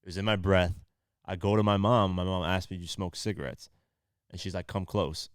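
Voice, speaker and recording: Deep-voiced podcast host retelling stories. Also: male voice, steady tone, a little fast, clean tone, no room sound, clean studio sound. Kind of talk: casual podcast commentary.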